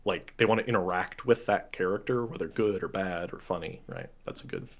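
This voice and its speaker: A man with a fairly low voice talks about running tabletop games on a podcast. He is animated and self-mocking and laughs easily. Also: brisk. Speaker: game master, podcast speaker. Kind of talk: casual podcast chat.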